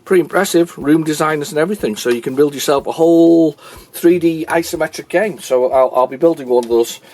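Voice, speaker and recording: A man's voice: on the high side, fairly quick, darkish tone. A middle-aged man hosting a retro gaming video, chatting in a rambling way with many restarts and self-corrections. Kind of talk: casual chat showing a collection.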